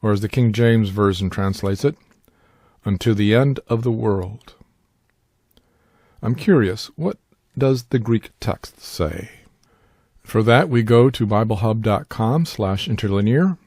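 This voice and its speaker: A man giving a scripted Bible word study, speaking in a measured, deliberate way and pronouncing Greek terms with care. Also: on the low side, darkish tone, no echo, clean studio sound. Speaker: Bible teacher.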